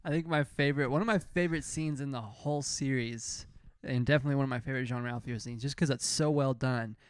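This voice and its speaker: A man in relaxed casual chat about a favorite sitcom. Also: medium pitch, quick pace, clean tone. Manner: relaxed, chatty, laughs while talking.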